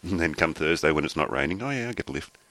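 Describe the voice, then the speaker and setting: A man's voice: rumbling low, animated, fast talker, bright, forceful tone, no echo. An Australian man co-hosting a podcast, telling stories in an easygoing, rambling casual chat. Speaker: podcast co-host.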